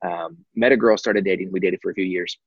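A man's voice: low voice, fairly even intonation, fast talker, slightly rough, no echo, dull audio. A man, candidly telling his life story as a guest, rambling with lots of fillers. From Texas. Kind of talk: personal story in conversation.

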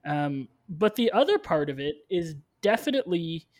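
High-voiced man arguing his opinion. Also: big pitch swings, moderate pace. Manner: contrarian, argumentative. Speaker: podcast co-host. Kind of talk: casual film discussion.

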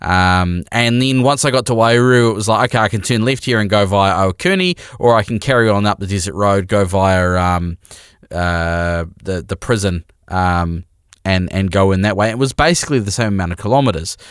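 A man's voice: sits low, normal speed, clean tone, dry recording, clean studio sound. A young man with a New Zealand accent co-hosting a casual podcast, telling a rambling, self-deprecating travel story. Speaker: podcast co-host. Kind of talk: casual chat.

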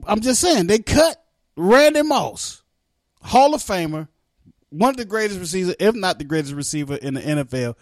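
Man, podcast co-host, animated and profane, a bit high-pitched, dry close sound. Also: normal speed, no room sound. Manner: animated, laughing, swearing banter. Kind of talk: casual chat.

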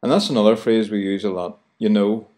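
Belfast man, lowish voice, hosting a chatty radio show with playful mimicry. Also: steady tone, a little fast, mellow. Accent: Belfast, Northern Ireland. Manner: playful, mimics local phrases. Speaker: radio host.

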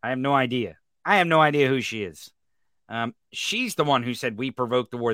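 Ranting, swearing man with a bright voice. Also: mid-range voice, expressive, fairly quick, no room sound, clean studio sound. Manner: angry, ranting, heavy swearing. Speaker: political commentary streamer. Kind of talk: profane reaction commentary.

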